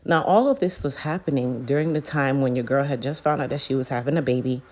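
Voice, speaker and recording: A woman with a very low, mellow voice tells a story in a casual vlog. She talks chattily and speaks straight to her viewers. She sounds like a business owner in her thirties. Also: fast talker. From United States. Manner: chatty, addresses viewers directly. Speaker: hair care business owner.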